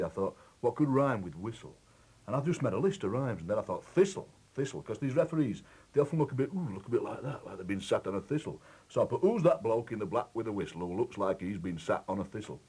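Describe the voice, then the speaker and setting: A poet chatting in a lively, musing way about how he builds a poem. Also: fairly low pitch, quick pace, breathy edge. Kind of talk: explaining how he writes a poem. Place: outdoors at a football match.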